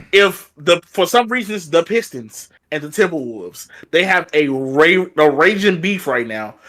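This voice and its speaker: Bright-voiced man chatting basketball. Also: on the high side. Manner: loose and conversational, leans on "like" and "bro". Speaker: podcast co-host. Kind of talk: casual sports chat.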